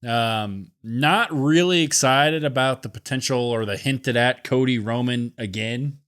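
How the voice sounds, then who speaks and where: Man, podcast co-host, casual chat, laid-back, measured. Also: medium pitch, a bit bright, clear, resonant tone.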